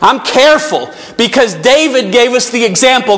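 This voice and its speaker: A man's voice: very high voice, lively intonation, moderate pace, hardly any pauses, fairly bright tone. A male pastor preaching an earnest sermon to his church and reading scripture aloud. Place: church sanctuary.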